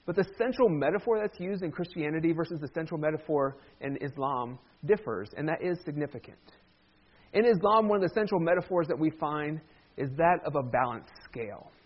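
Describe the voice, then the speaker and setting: A man's voice: fairly high pitch, expressive, brisk, muffled recording. A man preaching a sermon as a pastor, talking in a conversational way with humorous asides.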